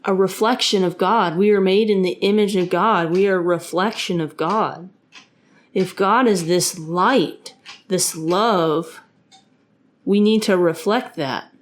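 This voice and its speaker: A woman's voice: mid-range voice, measured pace. A woman hosting her own podcast, talking casually and earnestly about faith, rambling with frequent restarts and fillers. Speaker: podcast host; parent of a young son.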